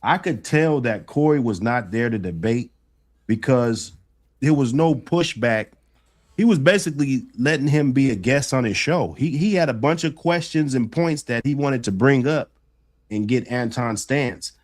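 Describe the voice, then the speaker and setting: A man on a casual livestream panel, making his case in a measured way and often adding "you know". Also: mid-range voice, animated, a little mellow.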